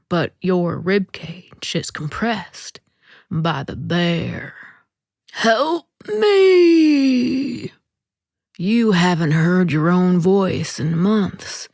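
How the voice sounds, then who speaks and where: A woman hosting a podcast, reading a short story aloud in a slow, deliberate way that dips into soft whispers. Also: lowish voice, dry recording, clean studio sound.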